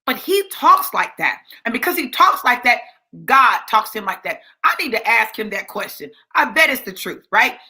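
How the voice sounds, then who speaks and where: Sassy woman preaching with a bright voice. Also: a little high, sing-song, normal speed. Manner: repeats phrases for emphasis. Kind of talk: sermon teaching.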